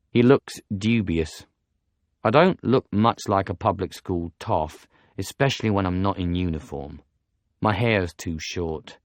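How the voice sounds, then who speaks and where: A man reading a novel aloud as an audiobook narrator, in steady first-person storytelling. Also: low voice, no room sound, studio quality.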